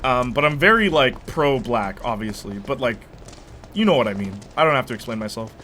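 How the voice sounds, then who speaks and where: A young man chatting casually while streaming a game, telling stories in an animated way with lots of fillers. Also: medium pitch, fairly quick, slight background noise. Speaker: gaming streamer.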